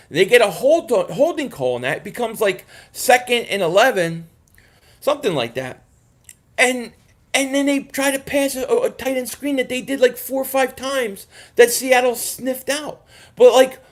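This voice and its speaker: A man from the area hosting a fan livestream, ranting in a frustrated, rambling way and reading viewer comments. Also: sits high. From Philadelphia area. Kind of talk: casual livestream rant reading chat.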